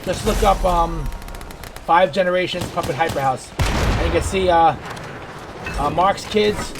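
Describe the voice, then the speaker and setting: A man's voice: high-pitched, a little slow. A man giving rambling, digressive commentary while he plays a game. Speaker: gaming video creator. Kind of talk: casual gameplay commentary. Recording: background noise.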